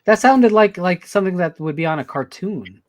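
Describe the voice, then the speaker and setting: A man's voice: high-pitched, lively intonation, fairly quick, a little hiss or hum. Wisecracking New Jersey man. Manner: blunt, wisecracking. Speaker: podcast guest. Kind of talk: casual chat.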